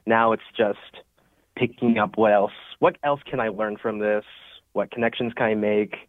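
A man's voice: on the low side, fairly even intonation, normal speed, no echo. A young man in his twenties, a student actor calling in to a radio interview by phone, chatty and upbeat with many filler words. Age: 20s. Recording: tinny phone line.

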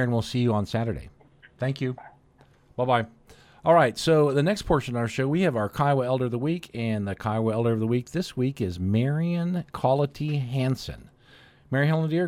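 A man's voice: mid-range voice, lively intonation, fairly quick, a little mellow. A man hosting a community radio show, announcing the sponsors and segments in a friendly way. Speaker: radio host.

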